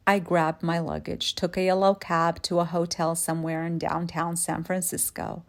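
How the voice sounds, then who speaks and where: A woman from Yemen in her forties telling a personal story in a measured, reflective way. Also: lowish voice, level tone. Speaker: podcast host.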